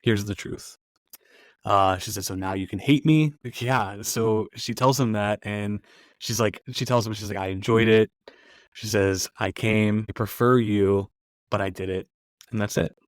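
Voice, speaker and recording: Low-voiced man retelling a film scene. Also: measured pace, dry recording. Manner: retells scenes acting out lines in a quieter voice. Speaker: podcast host. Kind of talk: casual film recap chat.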